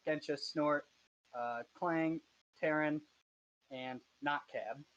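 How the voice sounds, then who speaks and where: A man's voice: fairly high pitch, steady tone, takes it slowly, a bit bright, highs cut off. A man narrating a tabletop game as game master, hesitant and full of fillers. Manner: hesitant, many fillers and restarts.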